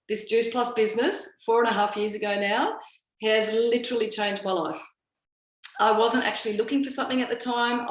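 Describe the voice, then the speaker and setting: An Australian woman in her fifties, hosting an event and giving an upbeat motivational talk straight to her audience. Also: fairly high pitch. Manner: upbeat, addresses the audience directly. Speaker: event host. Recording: roomy, echoey sound.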